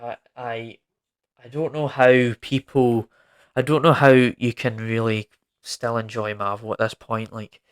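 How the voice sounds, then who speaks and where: A man's voice: medium pitch, flat delivery, measured pace, clean tone. A man giving a casual, rambling film review, exasperated and prone to repeating himself.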